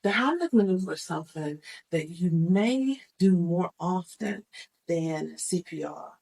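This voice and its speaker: A woman's voice: fairly low pitch, lively intonation, measured pace, gravelly, a little mellow, poor audio. A woman teaching CPR, giving step-by-step instructions and counting the moves aloud as she demonstrates. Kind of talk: hands-on first aid demonstration.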